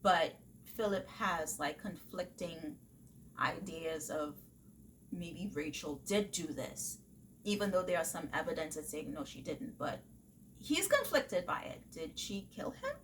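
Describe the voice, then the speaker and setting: Woman book vlogger, mid pitch, easygoing slow delivery, lots of fillers; faint hiss behind. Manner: chatty, animated retelling with frequent fillers and laughs. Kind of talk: casual book review chat.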